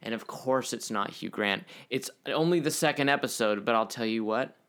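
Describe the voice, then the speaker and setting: A playful, enthusiastic man on a TV review podcast. He speaks at an ordinary pitch and in a relaxed, conversational way. He recaps scenes with easy humor. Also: moderate pace. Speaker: podcast co-host. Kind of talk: casual TV review chat.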